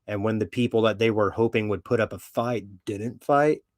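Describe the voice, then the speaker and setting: A low-pitched man holding forth in a blunt, swaggering monologue, swearing freely as he goes. The sound is dry and close, with no room around the voice. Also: normal speed, no echo. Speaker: podcast host. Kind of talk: profane opinionated monologue.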